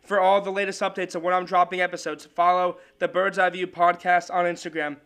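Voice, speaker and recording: A man's voice: high voice, little pitch movement, a little fast, a bit bright, clean tone. A man hosting his own sports podcast solo, talking in a loose, chatty way with restarts.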